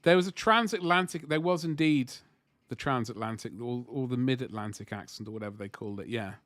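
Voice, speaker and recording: A man's voice: mid-range voice, a little fast, a bit bright, no echo. A man chatting casually on a live stream as he paints miniatures, thinking aloud and rambling with self-deprecating asides.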